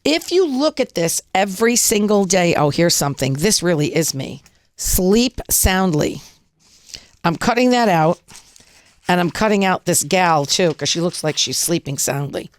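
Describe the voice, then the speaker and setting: A woman's voice: lowish voice, animated, a little slow, dry recording. A woman podcast host giving an upbeat, motivational how-to talk, acting out examples as she explains. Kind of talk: casual instructional talk.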